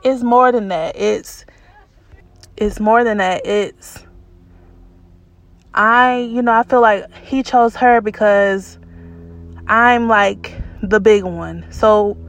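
Woman storyteller, gravelly low fry, unhurried delivery, candid casual chat with emotional repetitions. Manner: colloquial, says y'all.

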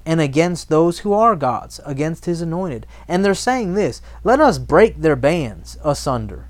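Man, sermon, animated preaching, somewhat high voice. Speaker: pastor.

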